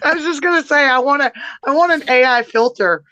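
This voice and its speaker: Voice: sits high, a little fast, pushed and bright, no room sound. A co-host in a casual political livestream chat, talking loosely and laughing often.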